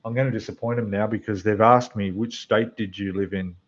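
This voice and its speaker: A man with an Australian accent hosting a casual model-building livestream, chatting away to viewers in a slightly rough voice. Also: on the low side, steady tone, a little fast, dull audio. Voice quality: rough, losing its depth. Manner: chatty, rambling, talks to the chat while building. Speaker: scale model livestream host. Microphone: desk microphone, quieter when turned away.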